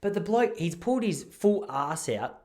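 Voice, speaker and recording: A man's voice: high voice, sing-song, normal speed, darkish tone. A young Australian man hosting a podcast, telling casual stories in a chatty, self-deprecating way. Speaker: podcast host. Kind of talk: casual storytelling monologue.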